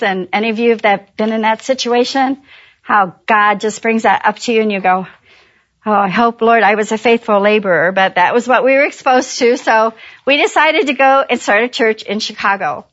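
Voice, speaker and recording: A middle-aged woman and pastor's wife, telling a church audience about her ministry in a chatty, animated way and laughing at her own jokes. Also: mid-range voice, muffled recording. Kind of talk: warm personal testimony talk.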